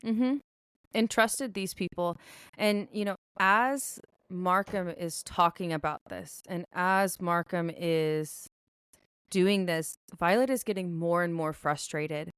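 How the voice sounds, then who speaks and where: A woman's voice: fairly low pitch, takes it slowly, a bit bright, clear, resonant tone, no echo, clean studio sound. A woman co-hosting a podcast, rambling through a casual book discussion and recapping the plot at length. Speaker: podcast co-host.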